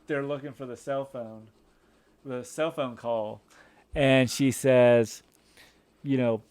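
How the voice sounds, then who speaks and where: A man's voice: mid-range voice, fairly even intonation, slow pace, darkish tone, clean tone. A man co-hosting a casual movie review podcast, rambling with many fillers and restarts. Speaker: podcast co-host.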